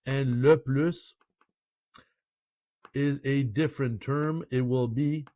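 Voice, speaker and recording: A man's voice: medium pitch, fairly even intonation, slow pace, dark tone, dry recording. A man from Canada teaching French online, chatty and playful, slipping French phrases into his English explanations. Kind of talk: online language lesson.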